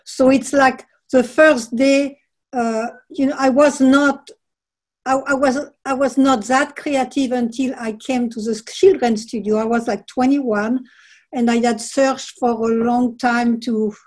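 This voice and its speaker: An older woman with a strong French accent, an author talking about her book and reading passages aloud, often pausing and searching for words. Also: sits high, steady tone. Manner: halting, searching for words with many fillers. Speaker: author and painter.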